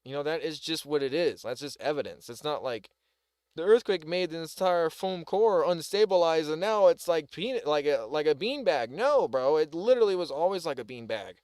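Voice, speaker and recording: On a live stream, a man with a Southern US accent reacts to a news video, ranting in a heated, rambling way and saying "like" and "bro" constantly. His voice sits on the high side, animated and a little mellow, at normal speed in a dry recording. It's casual commentary.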